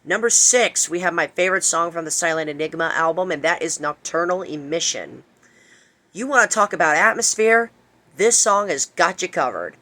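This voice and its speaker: Bright, eager young man ranking songs. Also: a little high, expressive, normal speed. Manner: enthusiastic, repeats words, stretches words for emphasis. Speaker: music video host. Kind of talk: casual music countdown commentary.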